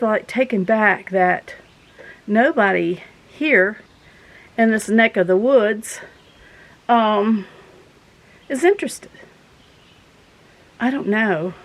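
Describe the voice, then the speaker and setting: Breathless from coming in from the garden, this vlogger from the southern United States talks to her viewers at a medium pitch. She's folksy, earnest and rambling, and the audio quality is poor.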